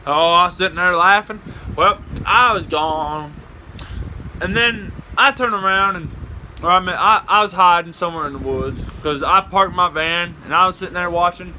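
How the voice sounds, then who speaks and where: A man telling a rambling comic story and jumping into loud, high voices for the quotes. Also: moderate pace, slight background noise, rough recording. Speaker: comedic storyteller.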